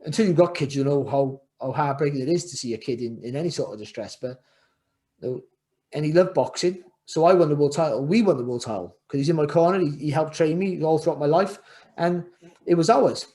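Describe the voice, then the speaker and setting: A man's voice: a little high, brisk, mellow. A middle-aged man, a former boxer, telling his story in a podcast interview, rambling and restarting his sentences as he reflects. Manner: rambling, repeats words and restarts often, reflective. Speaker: guest, former world champion boxer.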